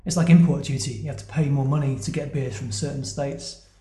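A man's voice: mid-range voice, fairly even intonation, brisk, dark tone. A man hosting a casual beer-tasting podcast chat, talking in a chatty way. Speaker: podcast host. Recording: echoey room.

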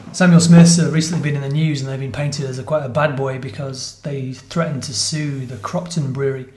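Chatting over a beer tasting, this podcast host explains facts as he goes and now and then corrects himself. His voice is medium-pitched, steady, brisk, and a little mellow, captured in a roomy, echoing space.

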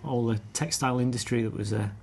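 A man's voice: mid-range voice, quick pace, gravelly, darkish tone, slight background noise. A man from Scunthorpe with a North Lincolnshire accent, chatting casually on a beer podcast in an easygoing, hesitant way. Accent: North Lincolnshire English. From Scunthorpe, England. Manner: easygoing, self-deprecating, hesitant with fillers. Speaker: podcast co-host. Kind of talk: casual chat.

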